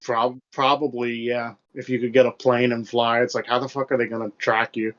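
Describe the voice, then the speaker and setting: Rambling, foul-mouthed young podcast co-host. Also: male voice, medium pitch, level tone, normal speed, a bit bright. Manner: rambling, loose and profane, lots of fillers. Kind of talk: casual chat. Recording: dull lo-fi podcast mic.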